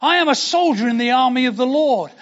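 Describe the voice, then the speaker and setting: A man's voice: extremely high pitch, expressive, fairly quick, a bit bright, highs cut off. An older man preaching a sermon as pastor, earnest and building to emphatic declarations.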